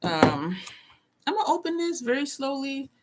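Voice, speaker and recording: A woman's voice: high voice, very animated, normal speed, heavy background noise. Chatty woman unboxing on a live stream. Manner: chatty, talks to viewers by name, reads chat aloud. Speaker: beauty vlogger hosting a live stream. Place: home desk.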